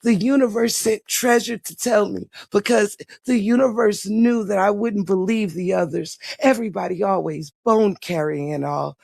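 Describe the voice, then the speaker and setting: A woman's voice: mid-range voice, moderate pace, creaky, few pauses, darkish tone. A woman live streaming, chatting casually with her viewers in a gushing, theatrical, giggly way and slipping into a mock-dramatic diary recital.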